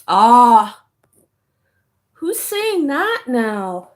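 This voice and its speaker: A high-pitched woman talks slowly and bluntly to her viewers, calling out rude comments with open indignation. She sits back from the mic, so her voice carries a roomy echo. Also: very animated, a little mellow, far from the mic. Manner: blunt, indignant, swears when annoyed. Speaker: vlogger. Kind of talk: casual chat to camera, reading comments.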